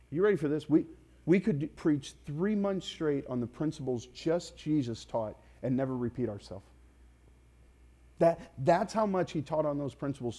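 Impassioned male pastor preaching. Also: mid-range voice. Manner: impassioned, rising to loud emphatic peaks; direct questions to the congregation. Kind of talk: sermon.

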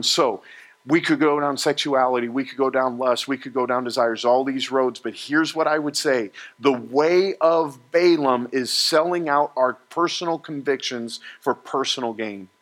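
With a mid-range voice, a man delivers a sermon to a live congregation. His storytelling is lively and humorous, hopping from one quoted voice to another.

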